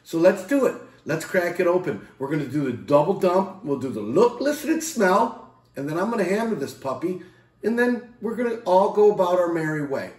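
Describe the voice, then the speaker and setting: A man's voice: sits high, big pitch swings, moderate pace, a little mellow, echoey room. A man casually reviewing a beer on camera, rambling and self-correcting with playful jokes. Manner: playful sound effects and jokes.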